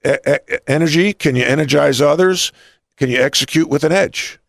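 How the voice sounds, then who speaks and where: A man's voice: on the high side, fairly quick, vocal fry, dry recording, studio quality. A middle-aged man hosting an interview, telling stories with many restarts. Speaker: podcast host and coach. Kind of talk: conversational interview.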